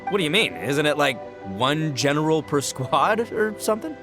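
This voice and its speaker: A man's voice: a little high, very animated, moderate pace, over music. An actor playing a brash, boastful young male gang boss in a video game, boisterous and laughing, tripping over fillers. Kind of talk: game voice acting.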